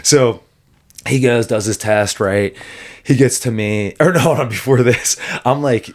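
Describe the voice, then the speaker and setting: A man who coaches fighters, co-hosting a podcast and telling a story with animated energy and frequent laughter. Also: medium pitch, unhurried. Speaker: MMA coach and podcast co-host. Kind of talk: casual podcast chat.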